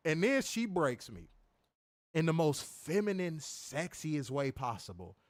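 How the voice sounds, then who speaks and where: A man's voice: fairly high pitch, sing-song, unhurried, no echo. A man co-hosting a wrestling review show in loose, profane casual chat, laughing often as he tells stories. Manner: loud, profane storyteller who laughs often.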